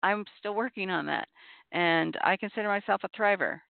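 A middle-aged woman speaks in an earnest, measured way, repeating her key points as she gives advice. Her voice has a gravelly edge. The sound is tinny and dry, like a phone line with no room around it. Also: medium pitch, dry recording. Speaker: podcast host on abuse recovery. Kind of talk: reflective advice talk.

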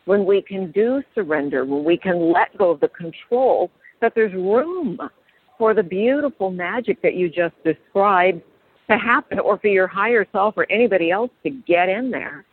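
A woman radio host with a mid-pitched voice, encouraging and affirming as she draws out her guest. Her voice is dry and narrow, like a phone line. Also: animated, normal speed, breathy edge, no echo. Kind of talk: radio interview.

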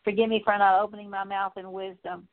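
A woman's voice: medium pitch, flat delivery, quick pace. A woman leading an earnest, repetitive spoken prayer of confession, with occasional fillers. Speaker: prayer leader. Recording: tinny phone-like audio.

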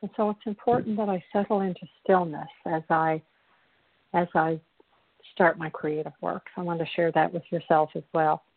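A woman from Newfoundland with a Newfoundland accent, giving calm, gentle spiritual advice on a call-in show. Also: lowish voice, normal speed, gravelly, no echo. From Newfoundland, Canada. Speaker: spiritual show guest host. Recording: dry tinny phone line.

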